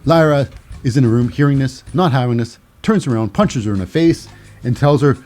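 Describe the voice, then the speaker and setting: A man's voice: mid-range voice, lively intonation, brisk, darkish tone, faint music behind. A man hosting a solo podcast, recapping in a rambling, wry way with many restarts. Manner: rambling, restarts, dry asides. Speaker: podcast host.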